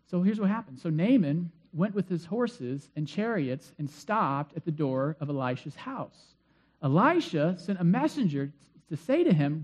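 A man's voice: fairly high pitch, very animated, a little slow, a little mellow, highs cut off. A male pastor preaching a sermon in a conversational, storytelling way with frequent fillers.

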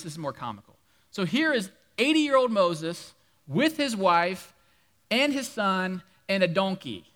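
A man delivers a sermon in a high, bright, forceful voice, spinning a Bible story with playful asides. His words ring through the long reverb of a church hall. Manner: animated, humorous storytelling with asides to the congregation. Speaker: preacher.

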